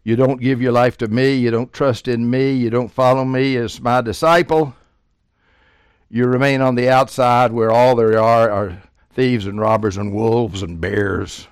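A man preaching with strong emphasis, his voice climbing louder and higher whenever he quotes scripture, then dropping low and quiet for asides. His voice sits at an ordinary middle pitch. The sound is close and dry, with no room echo. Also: steady tone, unhurried, clean tone. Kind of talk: sermon.

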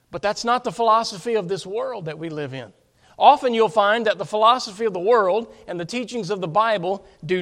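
A man preaching a sermon as pastor, emphatic, often asking his congregation rhetorical questions. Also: sits high.

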